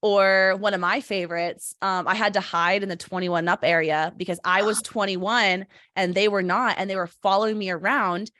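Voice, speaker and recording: A woman's voice: mid-range voice, steady tone, moderate pace, few pauses, a bit bright, no echo, clean studio sound. A woman in her twenties hosting a casual podcast, chatty and swearing freely as she acts out quotes. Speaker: podcast host.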